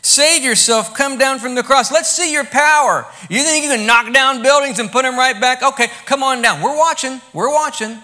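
A man preaching who acts out a jeering male mocker, loud and sneering. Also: extremely high pitch, normal speed, few pauses, voice pushed up.

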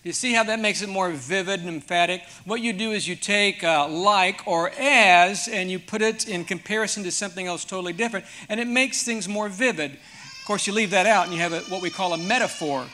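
A man's voice: high-pitched, fairly quick, pushed and bright. A man preaching a sermon in a folksy, conversational way, asking the congregation questions. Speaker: pastor.

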